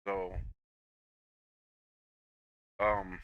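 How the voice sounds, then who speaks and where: A young man rambling through a personal monologue, halting with frequent restarts and repeats, swearing freely, on a dull lo-fi recording. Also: sits low, level tone, clean tone, no echo.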